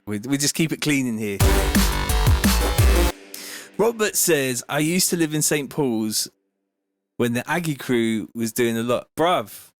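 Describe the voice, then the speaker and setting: This time the livestreaming Bristol producer sounds animated, medium-pitched and measured, leaving long pauses. Building a track that plays faintly behind him, he swears, rambles easily and reads his viewers' comments aloud.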